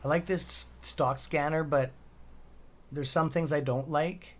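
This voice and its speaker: A man's voice: a little high, fairly even intonation, unhurried. A man hosting a casual live stock-trading stream, rambling and chatty with a sore throat, swearing now and then.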